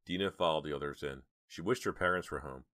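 A man narrating an audiobook with measured, dramatic storytelling. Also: rumbling low, fairly bright tone, no echo. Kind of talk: audiobook reading.

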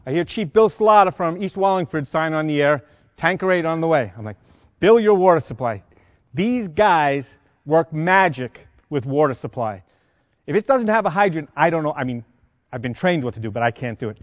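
High-voiced New York fire instructor. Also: male voice, lively intonation, dry recording. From Long Island, New York. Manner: quizzing the audience with rapid questions. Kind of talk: classroom lecture. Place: conference lecture room. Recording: dry, dull lo-fi sound.

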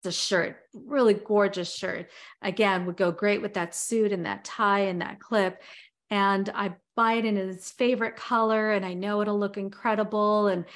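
A woman's voice: mid-range voice, fairly even intonation, moderate pace. A woman giving a motivational talk, telling everyday stories in a conversational way with frequent "you know" fillers. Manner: conversational, many "you know" fillers, builds vivid scenarios. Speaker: motivational speaker.

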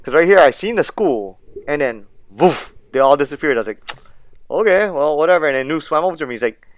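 A man, casually narrating his fishing and diving video in an excitable, laid-back way, laughing often and using island slang. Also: fairly high pitch, brisk, slight background noise. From Hawaii. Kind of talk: casual narration over footage.

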